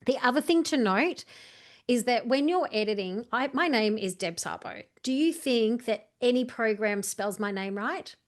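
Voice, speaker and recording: A woman's voice: a little high, animated, normal speed. A woman coaching a video editing tutorial, chatty and walking through each step while correcting herself as she goes. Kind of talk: screen-share editing tutorial.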